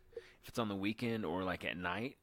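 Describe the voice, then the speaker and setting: A man's voice: low-pitched, moderate pace, a bit bright, a little hiss or hum. A man, hosting a podcast in an easygoing way and chiming in with agreement and quips. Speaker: podcast host. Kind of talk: casual chat.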